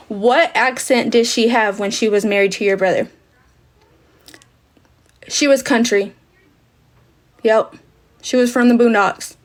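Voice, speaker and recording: A young woman with a drawl hosts a casual livestream, fielding viewer questions. Her voice sits slightly high, and she talks emphatically, often turning to her audience with a quick y'all.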